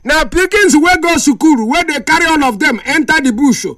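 High-voiced Nigerian Pidgin radio host. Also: male voice, expressive, normal speed. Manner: emphatic, rhetorical questioning. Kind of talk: impassioned radio commentary. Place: radio studio.

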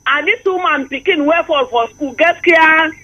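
A woman's voice: sits high, normal speed, dull audio. A woman with a Nigerian accent calling in to a radio show, earnestly pleading with listeners to take care. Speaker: phone-in caller. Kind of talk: casual phone-in chat. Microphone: phone call.

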